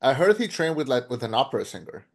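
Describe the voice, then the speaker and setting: Animated rambling man reviewing a film. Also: medium pitch, fast, gravelly. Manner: animated, rambling with frequent restarts and fillers. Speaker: podcast co-host. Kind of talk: casual film review chat.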